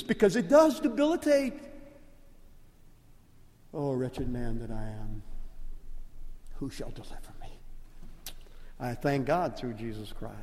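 An older man with a Cajun accent, a pastor preaching a sermon with impassioned swings from hushed to loud. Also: medium pitch, long reverb tail. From Louisiana, USA.

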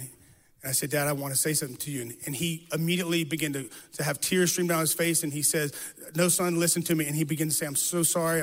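A man's voice: a little high, big-room sound. A man preaching an earnest sermon, telling a personal story with emphatic, repeated phrases. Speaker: pastor.

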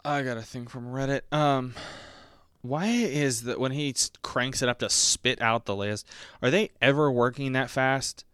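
A man in his twenties chatting casually about a movie, rambling and self-mocking, often breaking into squeaky high put-on voices. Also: measured pace, a bit bright, clean tone, no echo, clean studio sound. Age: 20s. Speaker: podcast host reviewing a movie.

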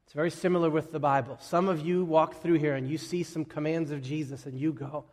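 A pastor giving a sermon in a conversational, humorous storytelling way, acting out what people might say. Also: male voice, on the high side, fairly even intonation, fairly quick, a little mellow, big-room sound.

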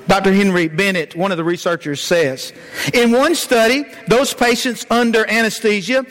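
A man's voice: sits high, fairly bright tone. A man from Georgia, preaching a sermon in a folksy, storytelling way, with many "uh" fillers. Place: church sanctuary. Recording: long church reverb.

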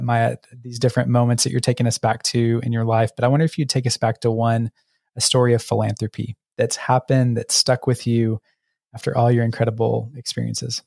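A man hosting an interview who speaks in an even, flat tone. His long, reflective questions unfold at a steady pace. The recording is dry and close. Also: mid-range voice, brisk, creaky, no echo. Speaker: interview host. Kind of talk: conversational interview.

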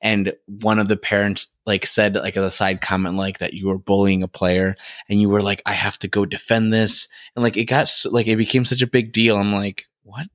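Low-voiced rambling male podcast co-host. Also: little pitch movement, a bit bright, no room sound, studio quality. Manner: rambling, joking, quick restarts. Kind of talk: casual chat.

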